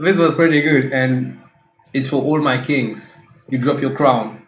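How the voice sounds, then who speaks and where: A man's voice: medium pitch, a little slow, roomy sound, over loud music, poor audio. A man hosting a casual reaction video, sarcastic and swearing freely as he mocks clips. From Mauritius. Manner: sarcastic, swears freely, switches between English and French. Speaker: host reviewing TikTok clips.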